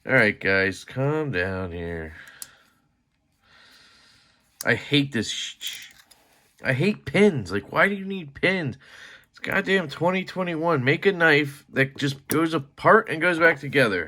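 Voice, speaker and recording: This casual knife disassembly vlog features a knife reviewer whose medium-pitched voice is bright and forceful, with lively intonation and a measured pace. He fiddles with the knife while rambling to viewers, often grumbling, swearing mildly, and joking at himself.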